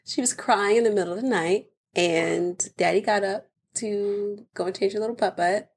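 A young woman co-hosting a casual chat, animated and playful, acting out both sides of a marital argument. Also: medium pitch, moderate pace, creaky, husky. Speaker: podcast co-host.

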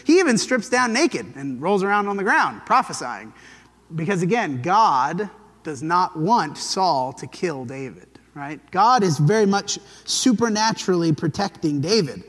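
A man teaching a Bible lesson in a relaxed, conversational way, telling the story and briefly acting out the quotes. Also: high-pitched, measured pace, big-room sound.

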